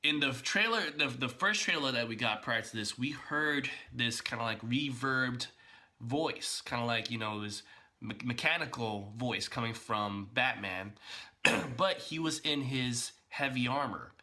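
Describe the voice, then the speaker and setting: A man giving casual, animated reaction commentary as a video blogger, chatty and full of fillers and restarts. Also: mid-range voice, measured pace.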